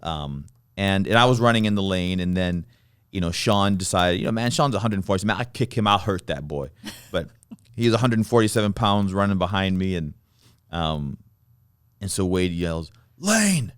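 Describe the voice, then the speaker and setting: A middle-aged man hosting a podcast, telling a casual anecdote with animated energy and frequent laughter. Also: low voice, moderate pace, smooth, no room sound, studio quality. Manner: animated, laughs through his own anecdotes. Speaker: podcast host. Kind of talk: casual storytelling chat.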